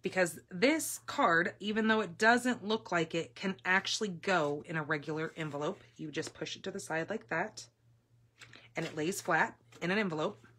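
Woman host of a casual live craft class; chatty, excitable, slightly low-pitched. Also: moderate pace, breathy edge. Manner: chatty, gushing, excitable with fillers. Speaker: papercraft demonstrator hosting a live class.

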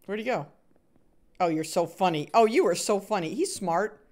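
An animated woman commentates her live game stream, chatting with viewers and cheering on the other players. Her voice swings freely up and down, and she fills quiet moments with hummed little sound effects. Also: mid-range voice, moderate pace. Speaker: gaming streamer.

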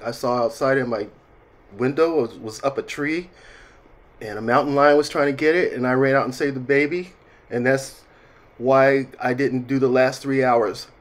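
A man, chatting in a casual, self-mocking way while he talks through a watercolor painting tutorial. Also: mid-range voice. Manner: chatty and self-mocking, jokes, says y'all. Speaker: watercolor artist teaching.

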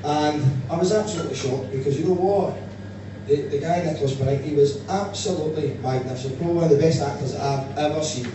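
A man from Glasgow with a Glaswegian accent, doing a stand-up comedy set with animated storytelling and sudden loud bursts. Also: a little high, quick pace. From Scotland. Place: live venue with audience. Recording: echoey distant room mic with noise.

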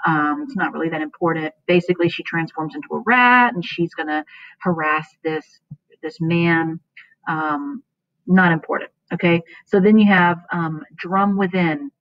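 A woman's voice: on the low side, moderate pace. A woman teacher explaining a play to her students in a casual, chatty way, with many fillers. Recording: dull dry lo-fi recording.

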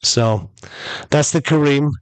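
A man's voice: a little high, slow, smooth, no room sound. A man hosting a podcast, telling a rambling story casually and calling his listeners folks. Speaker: podcast host.

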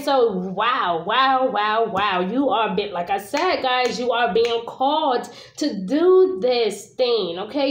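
A woman from Brooklyn, New York, giving a casual tarot reading to camera, chatty and informal, swearing now and then and often asking "okay?". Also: a little high. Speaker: tarot reader. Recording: echoey room.

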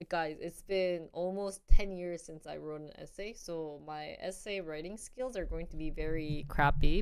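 Lively, smooth-voiced young woman streamer. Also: medium pitch. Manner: chatty, playful, thinking aloud while trying things out. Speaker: live streamer. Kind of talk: casual live-stream chat.

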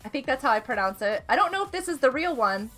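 Bright high-voiced woman streaming games. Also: very animated, quick pace, soft background music. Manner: chatty, giggly, greets chat by name. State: unwell. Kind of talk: live game stream chat.

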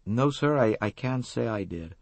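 A man voicing an older American businessman, folksy and halting, confiding in a mournful tone. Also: mid-range voice, animated, creaky, no echo, voice pushed up. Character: grieving older American businessman, smooth and evasive.

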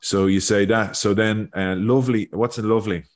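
Man, very low voice, rambling casual lesson host on a video call. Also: fairly even intonation, fairly quick. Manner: rambling, thinking aloud, repeating words. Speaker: Irish learning video host.

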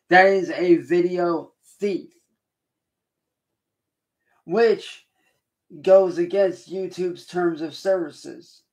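A man on a livestream, lecturing a critic in a confrontational, defiant way and repeating himself slowly and deliberately. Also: high voice. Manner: slow, deliberate, repetitive lecturing. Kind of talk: livestream rant addressed to a critic.

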